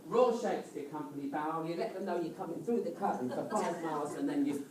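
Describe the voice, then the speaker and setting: A man performs comic cabaret from a piano at a live show, bantering with the crowd in a teasing, camp way. He is recorded from some way off in an echoing hall. A loud audience laughs, and the piano plays under him. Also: on the high side, fairly quick. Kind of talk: stand-up musical comedy with audience banter. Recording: roomy live venue, taped from a distance. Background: audience laughing and piano playing.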